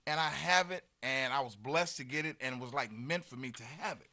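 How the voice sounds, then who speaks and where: Bright-voiced man telling neighborhood stories. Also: mid-range voice, brisk. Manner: earnest, storytelling, trails off into fillers. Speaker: community guest. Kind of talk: casual chat.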